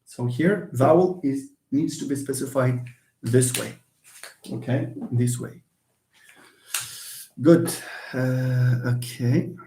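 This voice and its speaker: A man's voice: mid-range voice, warm tone, reverberant. A man lecturing a class, thinking aloud with frequent restarts and hesitations. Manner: slow, halting, thinks aloud with many restarts. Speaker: linguistics lecturer.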